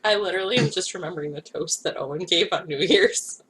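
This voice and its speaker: A woman's voice: on the low side, a bit bright. A woman co-hosting a casual podcast, teasing her co-host. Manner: teasing, quick to laugh. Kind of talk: casual chat.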